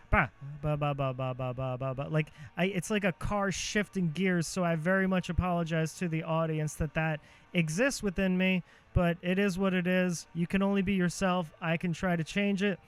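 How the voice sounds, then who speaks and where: High-voiced profane rambling man. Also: clear, resonant tone. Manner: profane, self-mocking, shifts cadence and pitch on purpose. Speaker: podcast host. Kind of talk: rambling monologue.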